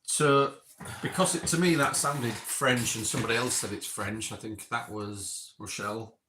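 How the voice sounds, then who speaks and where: A man's voice: medium pitch, normal speed, noisy background. A man casually reading back timestamped notes from an experiment session, adding chatty asides. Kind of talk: casual recap reading out logged remarks. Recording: roomy echo.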